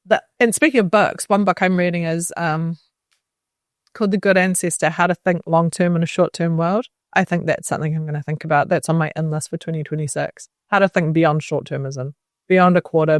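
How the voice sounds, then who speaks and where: A woman's voice: low-pitched, steady tone, fairly quick, no room sound, clean studio sound. A woman co-hosting a podcast, speaking in an opinionated, emphatic way in casual chat. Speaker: podcast co-host.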